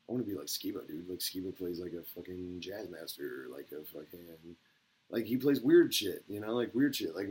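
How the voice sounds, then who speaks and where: A man talking casually to the camera in a rambling, profane way. He gets excited at times and drops into a mumble at others. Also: on the low side, breathy edge, rough recording.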